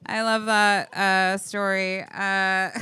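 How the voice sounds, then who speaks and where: A woman's voice: mid-range voice, bright, forceful tone, smooth. A woman hosting a live storytelling event, playful and giggling between remarks. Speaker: host.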